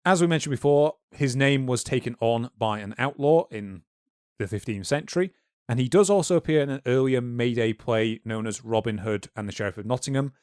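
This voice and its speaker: A man's voice: medium pitch, fairly quick, a little mellow, clear, resonant tone, dry recording, studio quality. A man co-hosting a history podcast, explaining a subject in an informal, lecture-like way with fillers and asides. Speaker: podcast co-host.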